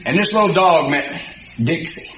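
Folksy preacher in echoey church. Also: male voice, a little high, expressive, normal speed, fairly bright tone, slight background noise. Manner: folksy, storytelling, rising to emphatic. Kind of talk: sermon. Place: church hall. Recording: dull, echoey hall recording.

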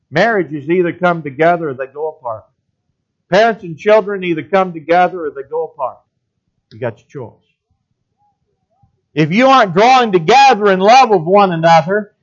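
A man's voice: on the high side, highs cut off. A man preaching a sermon and reading scripture aloud in an old-fashioned cadence.

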